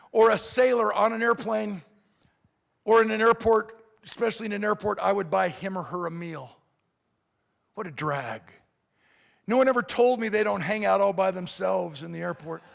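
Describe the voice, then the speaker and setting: A middle-aged man speaks from the stage as a motivational speaker, his voice pitched high for a man and gravelly at the edges. He moves his keynote along with comic storytelling and plays out the other people in quick quoted voices. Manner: animated, acts out characters in quoted voices. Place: convention hall.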